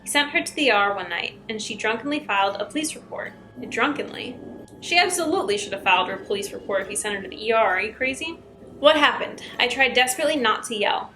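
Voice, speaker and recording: A woman's voice: medium pitch, animated, fast talker, pushed and bright, soft background music, rough recording. A young woman reading scary stories aloud as a YouTuber, breaking in with chatty asides.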